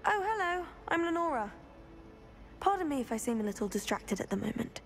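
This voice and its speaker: A woman's voice: high-pitched, very animated, fairly quick, soft background music. A chatty, puzzled schoolgirl. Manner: chatty, earnest, a little flustered. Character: curious, puzzled schoolgirl student.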